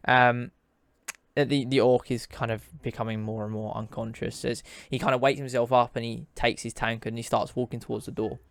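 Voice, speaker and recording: A man running a tabletop game, narrating in a rambling way and often restarting his sentences. His voice sits at a middle pitch, in a dry, close recording. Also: level tone, brisk, vocal fry, dry recording. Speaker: game master.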